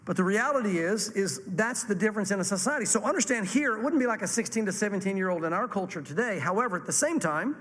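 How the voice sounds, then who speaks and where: A man preaching a sermon to a congregation, animated and acting out the voices he quotes. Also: sits high, fast talker, few pauses, long reverb tail. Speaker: pastor.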